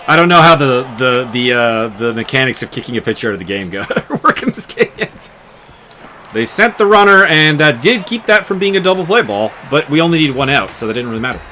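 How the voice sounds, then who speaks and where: A man giving casual play-by-play commentary on a baseball game he is playing, chatty and quick to laugh. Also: medium pitch, very animated, sharp tone, slight background noise. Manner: chatty, laughs often, muses over player names. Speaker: game streamer commentating his baseball season.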